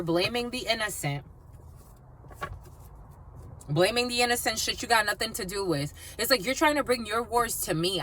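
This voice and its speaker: Blunt, animated woman reader. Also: on the high side. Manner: blunt and profane, calls viewers "my lovies". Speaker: psychic card reader. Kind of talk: casual storytelling to viewers.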